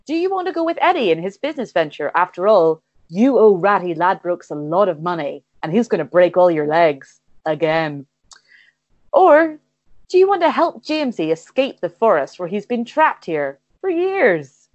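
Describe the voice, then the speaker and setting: A woman narrating an improvised comic adventure with playful deadpan timing. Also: on the low side, moderate pace, dry recording, lo-fi sound. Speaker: comedy guest and game narrator.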